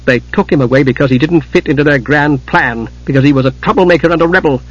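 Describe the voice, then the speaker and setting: A man reading an audiobook, voicing a fiery, outspoken young woman innkeeper with a husky voice. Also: a little high, fast, highs cut off, close to an everyday voice. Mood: indignant. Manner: bitter, indignant tirades.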